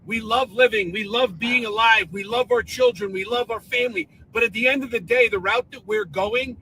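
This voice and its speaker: A man's voice: extremely high pitch, normal speed, sharp tone, a little hiss or hum, poor audio. A man delivering a furious, profane, defiant rant, played as a clip. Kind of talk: angry video rant.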